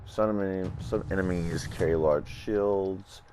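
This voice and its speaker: A man's voice: deep voice, steady tone, measured pace, over music. A sleepy man just out of bed, casually talking through a video game as he plays and reacts. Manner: thinks aloud, reacts to the game. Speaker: let's play gamer. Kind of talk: casual gameplay commentary.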